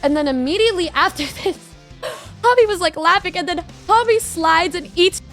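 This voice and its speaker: High-voiced excitable young woman storyteller. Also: moderate pace, soft background music. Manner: laughs often, excitable, slangy storytelling. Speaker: VTuber streamer. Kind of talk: casual storytelling vlog.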